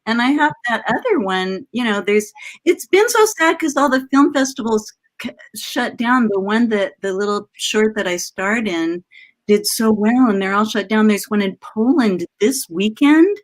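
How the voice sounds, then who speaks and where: A woman's voice: fairly high pitch, animated, moderate pace. Gushing woman chatting on a video call. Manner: gushing, emotional, rambling. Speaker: letter writer for the show and actress. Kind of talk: casual chat on a video call.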